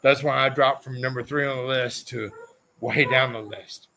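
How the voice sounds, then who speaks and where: A man who raced motorcycles, telling loud and profane stories as a podcast guest, often slipping into mock quotes of other people. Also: medium pitch, fairly even intonation, moderate pace, creaky, background noise. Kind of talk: unfiltered storytelling, heavy swearing. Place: podcast studio.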